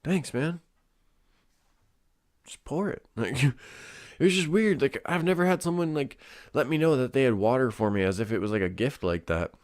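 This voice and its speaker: Young male solo host, casual and profane, heavy on fillers, mid-pitched voice. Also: a little fast. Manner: rambling, profane, lots of fillers. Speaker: podcast host.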